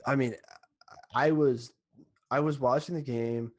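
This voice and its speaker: A man co-hosting a sports podcast, rambling and excitable, restarting his sentences as he recaps a game. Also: mid-range voice, measured pace, dry recording. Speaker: podcast co-host. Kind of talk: casual sports chat.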